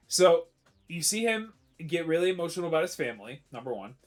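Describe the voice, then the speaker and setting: A man with a slightly higher-than-usual voice talks casually on a live stream. He rambles, restarts his sentences and argues his opinions firmly, with faint music playing behind him. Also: very animated, brisk. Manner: rambling, self-correcting, opinionated.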